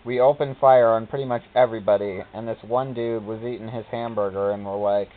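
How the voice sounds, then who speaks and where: A man's voice: lowish voice, fairly even intonation, fairly quick. A man giving casual gameplay commentary, telling rambling stories and quoting characters in silly voices. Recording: tinny phone-like recording.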